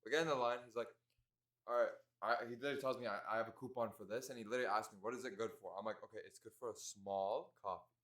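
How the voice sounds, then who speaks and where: A man co-hosting a podcast, telling a story in casual, animated chat full of swearing. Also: fairly low pitch, rapid-fire, roomy sound. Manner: animated, swearing, tells stories. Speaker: podcast co-host.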